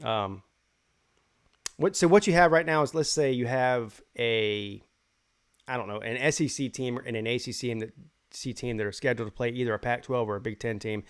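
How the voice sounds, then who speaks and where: A man's voice: medium pitch, moderate pace, clear, resonant tone. A man hosting a live college football call-in show, giving his opinions in rambling casual talk full of restarts.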